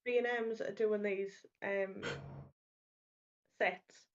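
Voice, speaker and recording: A woman's voice: mid-range voice, fairly even intonation, slow. A woman co-hosting a podcast, chatting casually and telling stories with acted-out quotes. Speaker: podcast co-host. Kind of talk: casual chat. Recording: dull lo-fi mic with faint noise.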